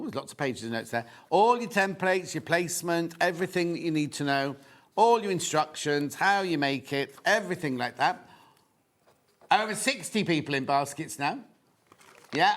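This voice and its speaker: A man hosting a live TV shopping show, chatty and excitable, with lots of asides. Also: fairly high pitch. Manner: chatty and excitable, full of asides and sales counts. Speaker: shopping channel presenter. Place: TV studio.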